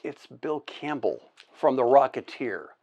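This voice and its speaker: A man with a mid-range voice chatting on a podcast set, spinning an anecdote. He swears casually, stumbles and restarts, and punches up his story with sound effects and shouted quotes. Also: medium pitch, very animated, a little slow, lo-fi sound. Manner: profane, full of restarts.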